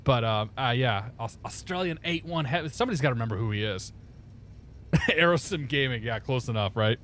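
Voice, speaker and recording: A man's voice: medium pitch, brisk, fairly bright tone, a little hiss or hum. A man chatting casually on a live stream, laughing often and talking through his cockpit steps. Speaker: flight sim streamer.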